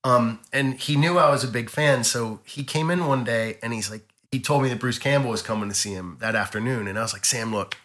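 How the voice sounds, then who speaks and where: A man talks through a long anecdote with eager, tumbling sentences and frequent restarts. His voice is bright and forceful. There is clear room echo around him. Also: medium pitch, fairly quick, hardly any pauses. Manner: rambling, self-correcting, enthusiastic storyteller. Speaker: interview guest, artist. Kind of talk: animated anecdote telling.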